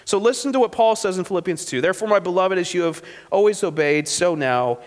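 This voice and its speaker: A male pastor preaches in a casual, conversational way, checking in with "right?" as he goes. His voice sits a little high for a man. The sound carries a long reverb, like a church sanctuary. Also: fast talker. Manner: acts out quotes with sudden high shouted bursts. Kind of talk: sermon.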